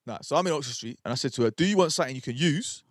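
A man's voice: mid-range voice, lively intonation, very fast, husky, no echo. A man, telling sweary stories in casual podcast chat and acting out the people he quotes. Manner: sweary storytelling, acts out quoted voices. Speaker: podcast co-host.

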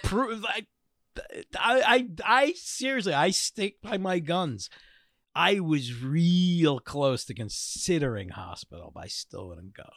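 A man's voice: fairly high pitch, takes it slowly, no echo, clean studio sound. A man in his forties co-hosting a podcast, telling crude stories in casual chat with lots of laughter. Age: 40s. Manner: animated, laughing storyteller, crude humor. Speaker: podcast co-host.

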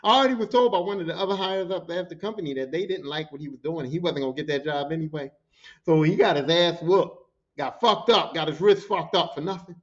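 A man telling work stories on his podcast in a loose, profane, animated way, acting out what others said. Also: fairly high pitch, fast talker, highs cut off. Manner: profane, animated, acts out quotes. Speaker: podcast host. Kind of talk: casual storytelling monologue.

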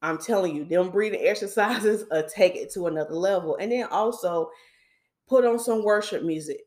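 A woman's voice: mid-range voice, moderate pace, darkish tone. A young woman hosting a podcast, talking casually and confidingly about her day and her faith, often repeating herself for emphasis. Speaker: podcast host. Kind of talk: casual personal faith talk.

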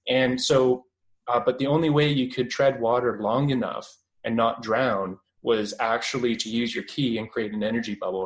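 A man's voice: medium pitch, low-quality recording. A young Canadian man speaks as a radio interview guest in an ordinary middle-range voice. He keeps reaching for words, full of fillers and false starts, and his delivery stays casual and conversational throughout. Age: 20s. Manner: hesitant, many fillers and restarts. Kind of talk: radio interview, recounting experiences.

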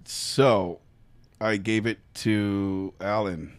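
A man's voice: lowish voice, steady tone, extremely slow, no room sound. A man co-hosting a podcast, telling a story in casual chat with lots of swearing and laughter. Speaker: podcast co-host.

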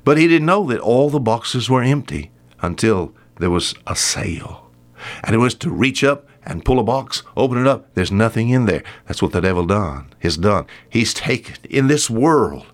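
A male preacher delivering a weekly radio sermon in an emphatic style. His pitch climbs high when he presses a point, then sinks to a low, quiet tone for the serious lines.

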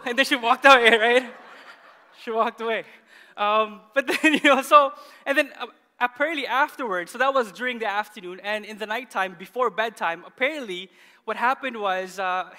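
Male pastor, thirties, high bright voice, animated storyteller, long church hall reverb. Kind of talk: sermon.

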